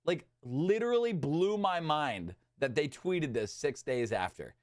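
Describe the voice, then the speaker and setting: A man's voice: on the high side, measured pace. Agitated man ranting about a game. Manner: agitated, animated, swinging between loud outbursts and muttered asides. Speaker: gaming commentator. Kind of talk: exasperated gaming rant.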